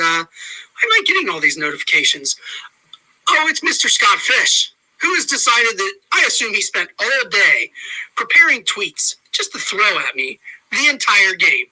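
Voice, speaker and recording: A man delivers a sarcastic comedic rant with a high voice. His tone is very bright and sharp, and his pitch leaps around in lively swings. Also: moderate pace, low-quality recording. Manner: animated, sarcastic storytelling.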